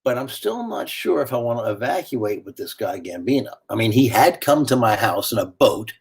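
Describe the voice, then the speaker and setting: Husky, animated male storyteller. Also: moderate pace. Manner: lively, animated delivery with sudden pitch swings. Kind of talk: dramatic first-person storytelling.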